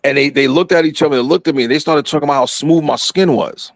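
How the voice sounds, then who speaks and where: A middle-aged man telling a story in casual podcast chat, animated and profane, acting out what people said. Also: a little high, quick pace, no echo. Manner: animated, profane, acts out quotes.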